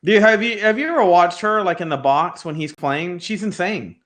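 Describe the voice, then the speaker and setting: A man co-hosting a casual sports talk show, animated and slangy, often slipping into quoting others. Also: high-pitched, moderate pace. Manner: animated, slangy, quotes others in put-on voices. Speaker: sports podcast co-host. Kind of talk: casual chat.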